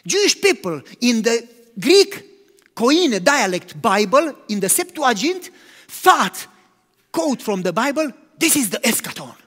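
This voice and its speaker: A man preaching a sermon, animated, swinging between loud emphatic lines and hushed, quiet ones. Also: very high voice, slow. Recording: long hall reverb.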